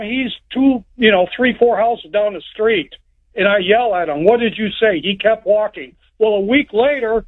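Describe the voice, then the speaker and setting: Rambling male caller on a tinny phone line. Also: high-pitched. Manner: rambling, informal grammar, plain-spoken. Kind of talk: phone-in storytelling. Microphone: telephone.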